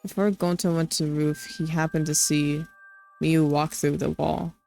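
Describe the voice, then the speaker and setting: A woman reading the lines of a huge, gentle young man who talks in simple broken grammar and refers to himself by name. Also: low voice, level tone, moderate pace, gravelly, soft background music. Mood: remorseful.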